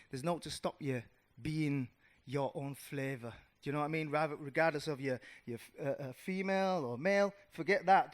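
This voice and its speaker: A man in his thirties from the audience, telling a children's story in a casual, animated way, with slangy asides and many restarts. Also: fairly high pitch. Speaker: audience member.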